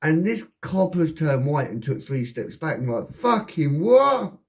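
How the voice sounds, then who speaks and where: A man spins a wild personal story, swearing constantly as he rambles along. His voice sits at a middling pitch but leaps up and down with lively swings. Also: normal speed. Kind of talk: casual anecdote telling.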